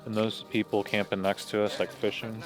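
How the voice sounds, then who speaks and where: A man with a fairly low voice hosts a relaxed chat outdoors by a lake. He keeps asking curious questions. Music plays under the talk. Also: brisk. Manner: curious, asks lots of questions. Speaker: host. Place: outdoors at a lakeside campsite.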